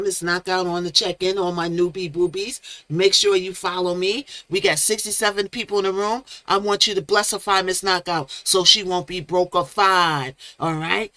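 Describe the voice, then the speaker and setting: A woman hosts a casual live stream, chatting with viewers, reading their names aloud and coining playful made-up words. Her lowish voice sounds pushed and bright, with no echo.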